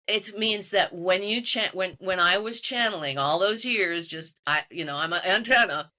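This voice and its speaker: A woman being interviewed as a medium and author, telling her story in lively detail and acting out the voices of the people she quotes. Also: mid-range voice, normal speed. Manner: animated storytelling, quoting voices. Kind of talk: conversational interview.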